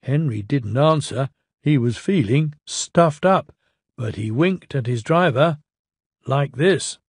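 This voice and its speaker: A man reading a children's storybook aloud in a lilting, expressive way. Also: medium pitch, takes it slowly, husky, dry recording, clean studio sound. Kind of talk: storybook narration.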